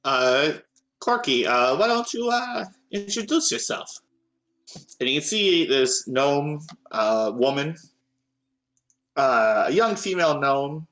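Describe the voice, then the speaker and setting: Bright-voiced male game master. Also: fairly high pitch, expressive, slow pace. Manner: hesitant, lots of filler sounds. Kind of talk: narrating a tabletop game.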